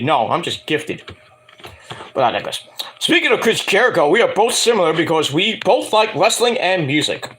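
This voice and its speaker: A man rambling casually to camera, swearing freely and acting out quoted people in higher voices. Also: normal speed. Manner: animated, profane, acts out quotes in higher voices. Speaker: wrestling and music vlogger.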